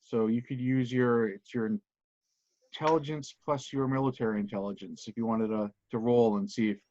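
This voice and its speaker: A man's voice: mid-range voice, fairly even intonation, normal speed, darkish tone, no room sound, highs cut off. A man running a tabletop game as game master, narrating scenes loosely in an online session.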